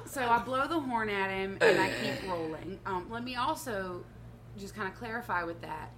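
A woman's voice: medium pitch, lively intonation, normal speed, fairly bright tone, slight background noise. A woman from the American South telling a story in chatty podcast conversation. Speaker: podcast co-host. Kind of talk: casual storytelling.

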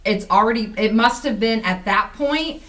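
A woman's voice: fairly high pitch, moderate pace, a bit bright, distant mic, a little hiss or hum. A woman in casual chat who laughs often, corrects the storyteller and pushes the story along.

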